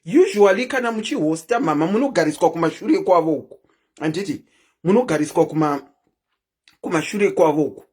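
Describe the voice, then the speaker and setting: A woman's voice: on the low side, expressive, brisk, darkish tone, husky. A woman hosting a live stream, chatting casually and keeps asking her viewers questions.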